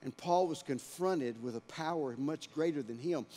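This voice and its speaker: A male pastor preaching a dramatic sermon in a church, swinging between hushed lines and shouted ones. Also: a little high, normal speed. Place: church sanctuary. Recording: long church-hall reverb.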